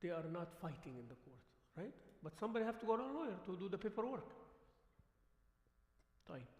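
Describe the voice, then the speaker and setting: A man giving a conversational sermon as imam, animated, acting out the voices of the people in his stories and dropping in Arabic words. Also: high-pitched, fairly quick. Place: mosque prayer hall. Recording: echoey hall livestream.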